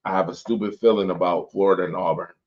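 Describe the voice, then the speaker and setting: A man's voice: deep voice, steady tone, fast. A man hosting a late-night sports talk stream, joking loosely and reading viewer comments aloud. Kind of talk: casual chat with viewers. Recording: dull lo-fi stream audio.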